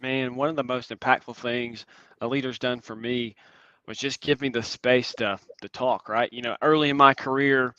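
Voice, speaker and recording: A man in his twenties giving an earnest, reflective conference talk and answering questions, often pausing with "um". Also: medium pitch, fairly even intonation, bright, forceful tone, clean tone, dry recording. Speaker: conference speaker. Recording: dull lo-fi sound.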